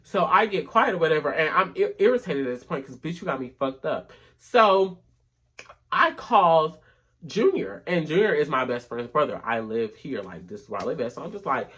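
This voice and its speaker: A woman vlogger telling a story in a sassy, animated way, often dropping to low mutters. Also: normal speed, slightly rough. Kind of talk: casual storytime rant.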